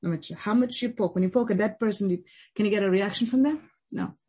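A woman preaches a sermon, pressing her point through repeated phrases and a string of questions. Her voice is breathy and sits at a middle pitch, with no sharp edge to it. She speaks as a pastor. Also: fast talker, poor audio.

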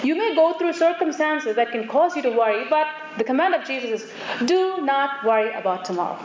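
A woman with a high voice preaches a sermon. She puts questions to her listeners and acts out the voices she quotes. The recording is echoey, dull and lo-fi, with clear noise behind her. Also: lively intonation, a little fast.

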